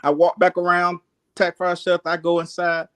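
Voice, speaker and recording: A man's voice: high voice, completely flat delivery, normal speed, a bit bright, clean tone. A man telling a long story in casual chat, acting out voices and laughing often.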